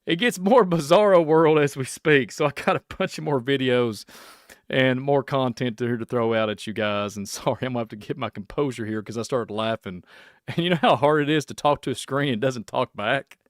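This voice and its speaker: A man's voice: medium pitch, brisk, no room sound. Chuckling man, dry close sound. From Kentucky. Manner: rambling, laughs often, folksy. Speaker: podcast host. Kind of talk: reaction podcast, casual chat.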